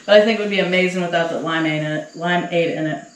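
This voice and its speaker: A woman's voice: lowish voice, fairly even intonation, fast talker. A woman hosting a casual podcast, joking crudely with friends and laughing often. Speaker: podcast host. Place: indoors at a friend's home. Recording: roomy echo.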